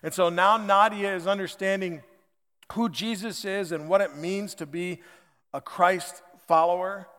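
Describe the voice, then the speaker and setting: Pastor, fifties, American accent; pitched high, casual folksy sermon delivery, hall reverb. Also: male voice, steady tone, measured pace, fairly bright tone. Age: 50s. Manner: conversational, chatty and folksy. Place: church sanctuary.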